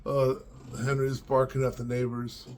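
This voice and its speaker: A man's voice: mid-range voice, completely flat delivery, measured pace, noisy background. Older man rambling through memories. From Los Angeles area. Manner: rambling, many fillers and restarts. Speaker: vlogger. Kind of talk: casual reminiscing monologue. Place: at home with his dogs.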